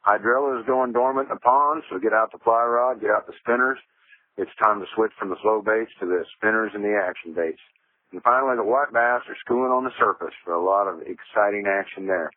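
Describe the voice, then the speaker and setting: A man's voice: lowish voice, brisk, no echo. A man with a Kansas accent calling in a laid-back fishing report. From eastern Kansas. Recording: dry tinny phone line.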